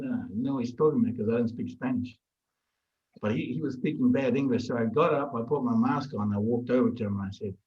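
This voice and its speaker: A man in casual conversation, telling a story with lively energy and frequent restarts. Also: mid-range voice, fast, muffled recording. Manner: animated, lively storyteller who repeats and restarts words. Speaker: guest in a group discussion.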